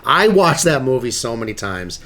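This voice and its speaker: A man co-hosting a casual podcast chat, telling movie stories with big playful jumps in his voice. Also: normal speed. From Illinois, USA. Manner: animated storyteller, jumps pitch when joking. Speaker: podcast co-host.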